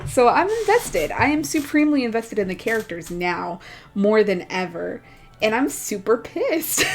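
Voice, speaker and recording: A young adult woman ranting casually about books while she draws, laughing often and sounding exasperated. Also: mid-range voice. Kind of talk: casual rant while drawing.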